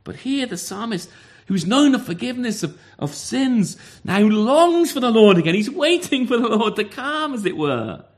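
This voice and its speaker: A man's voice: extremely high pitch, sing-song, normal speed. A man preaching a sermon, earnest, often repeating words and asking rhetorical questions.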